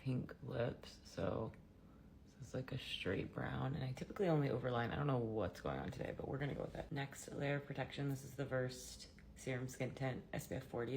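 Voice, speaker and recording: A woman in her thirties with a raspy voice, chatting casually and softly through a makeup tutorial. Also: rumbling low, fairly quick, slight background noise. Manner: chatty and offhand, soft-spoken. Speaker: beauty vlogger.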